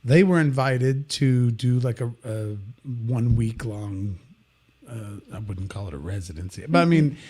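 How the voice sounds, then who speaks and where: A man hosting a podcast, telling an anecdote in relaxed, halting chat with many fillers. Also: medium pitch, crowd noise. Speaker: podcast host. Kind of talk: casual chat.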